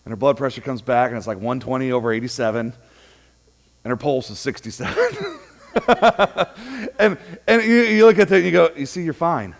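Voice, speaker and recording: A man's voice: medium pitch, sing-song, moderate pace, creaky, long pauses. A man preaching a casual, conversational sermon in a church, telling funny stories and acting out both sides of the dialogue. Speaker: pastor.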